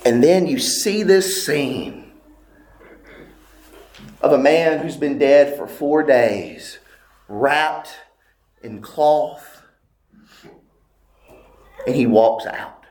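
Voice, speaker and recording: A man delivers a sermon at a slow, deliberate pace, drawing out each phrase. His voice sits in a middle pitch. He drops to hushed, near-whispered tones for emphasis. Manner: slow, dramatic preaching with long pauses and hushed moments. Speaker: pastor.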